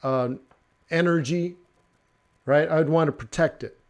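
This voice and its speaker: A man hosting a casual forex trading live stream, talking through charts in a joking, animated way. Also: on the high side, a little slow. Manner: chatty, joking, animated asides with mock voices.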